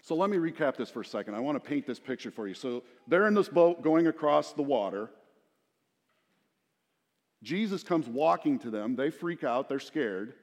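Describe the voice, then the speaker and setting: A man's voice: mid-range voice, lively intonation, normal speed. A middle-aged man preaching a sermon in a conversational, storytelling way, with asides to the congregation. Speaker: pastor. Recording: long hall reverb.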